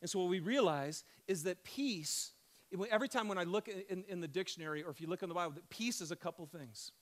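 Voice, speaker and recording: A man preaching a sermon, conversational and animated, swinging from loud excited questions to hushed emphatic lines. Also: high voice, fast. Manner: conversational, addresses crowd as "you guys". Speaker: pastor.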